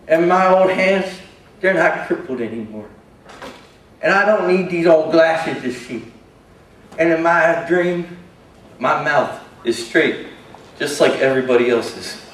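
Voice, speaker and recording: An actor playing a shy, self-doubting young man with a disability, telling his story haltingly and earnestly in a stage monologue. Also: a little high, fairly bright tone. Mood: frustrated. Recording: roomy hall from a distance.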